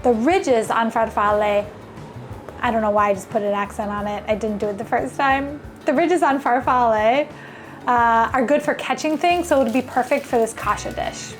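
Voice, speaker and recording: A woman's voice: on the high side, brisk, soft background music. A woman hosting a casual cooking vlog, chatting enthusiastically as she cooks in her home kitchen. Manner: chatty and enthusiastic, thinks aloud while cooking. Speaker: cooking video host.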